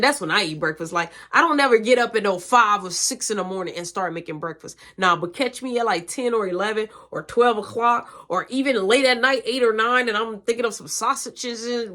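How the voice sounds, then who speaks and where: Slangy, animated woman telling a story. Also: medium pitch. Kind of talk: casual storytime vlog.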